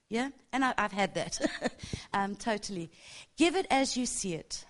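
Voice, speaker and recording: A woman's voice: fairly high pitch, lively intonation, normal speed. A middle-aged woman teaching a church group on prophecy, passionate and chatty, often tagging her points with "yeah?". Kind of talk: informal teaching talk.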